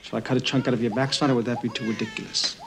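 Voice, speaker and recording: An actor playing a volatile, hot-headed army officer spoiling for a duel, taunting and swinging between mutters and shouts, in a film clip. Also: male voice, mid-range voice, level tone, very fast, lightly acted. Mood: furious taunting. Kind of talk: film drama acting. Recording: film clip with loud noise.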